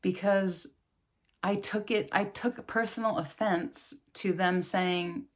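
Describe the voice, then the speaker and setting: A woman's voice: mid-range voice, steady tone, slow. A woman in her thirties, a yoga and meditation teacher, giving an earnest, casual spiritual talk and laughing often.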